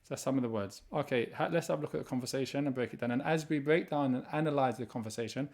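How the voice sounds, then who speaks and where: A man teaching a recorded language lesson, explaining grammar steadily and reading each vocabulary word slowly before translating it. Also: medium pitch, darkish tone. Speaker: Arabic teacher.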